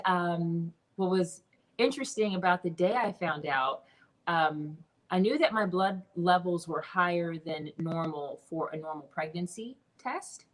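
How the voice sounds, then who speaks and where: A woman in her forties, a guest on a video-call interview, talking in an animated, expressive way. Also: lowish voice, rough recording. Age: 40s. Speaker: guest, business mentor. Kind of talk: interview conversation.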